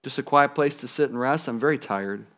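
A man voicing a weary, needy boy grown old in a children's storybook read-aloud, flat and grumbling. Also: a little high, normal speed.

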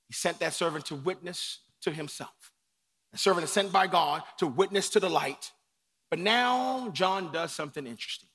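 A man preaching a sermon from the pulpit, dropping to hushed lines and climbing to shouts. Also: high-pitched. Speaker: pastor. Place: church sanctuary.

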